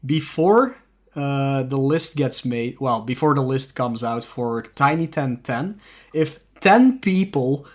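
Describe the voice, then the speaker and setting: A man co-hosting a casual podcast, speaking in a dry, unhurried way and chuckling often. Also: mid-range voice, expressive. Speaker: podcast co-host. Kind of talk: casual chat.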